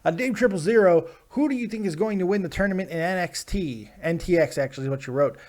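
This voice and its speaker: A man's voice: high-pitched, quick pace, darkish tone. Profane, sarcastic male live-stream host. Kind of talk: casual live-stream chat.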